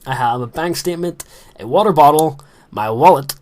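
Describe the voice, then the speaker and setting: Over some background noise, a man in his late teens speaks at normal speed in a slightly high voice. He's a gaming commentator recording in a small closet room, offering rambling, self-deprecating casual commentary as he plays.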